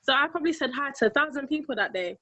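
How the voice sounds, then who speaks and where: A woman's voice: high voice, animated, racing, a bit bright, no room sound. A young woman in her twenties, chatting in a casual, upbeat way and laughing easily on a video call. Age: 20s. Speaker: team member in a meeting.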